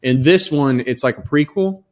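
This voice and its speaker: In a medium-pitched voice at normal speed, this Dallas-area man co-hosts a podcast and chats casually. His manner is relaxed and profane, with "dude" in nearly every line.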